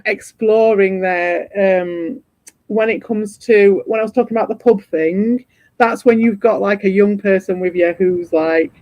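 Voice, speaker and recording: A man's voice: high-pitched, darkish tone, no echo. A man hosting a livestream, ranting sarcastically and swearing a lot, mocking people in put-on voices. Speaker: livestream host. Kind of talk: heated livestream rant. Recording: dull lo-fi stream audio.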